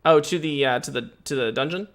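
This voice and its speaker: A man running a tabletop game as game master, narrating in a relaxed, hesitant way full of filler words. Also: on the high side, brisk. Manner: relaxed, hesitant, lots of uhs and laughs.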